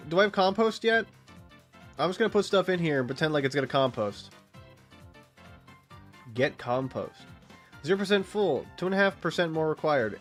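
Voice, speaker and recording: Streaming a game, a man in his late twenties rambles through casual, profane commentary while chatting with his viewers and the game's animals. His voice sits a little high.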